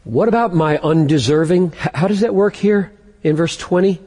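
A man preaching a sermon as pastor, emphatic and slowing down to stress key words. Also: high voice, mellow. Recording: long hall reverb.

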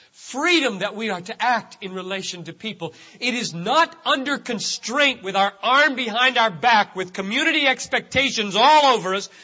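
Male pastor, sermon, slow deliberate delivery, emphatic repetitions, slightly husky, muffled lo-fi recording. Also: high voice, bright, forceful tone. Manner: emphatic preaching with repeated phrases, voice rising on key words.

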